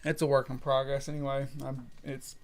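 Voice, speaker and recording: Gravelly-voiced man rambling on a stream. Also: medium pitch, little pitch movement. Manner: rambling and halting, full of "uh" fillers. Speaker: streamer hosting a late-night bug stream. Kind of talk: casual livestream chat. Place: home room set up for streaming.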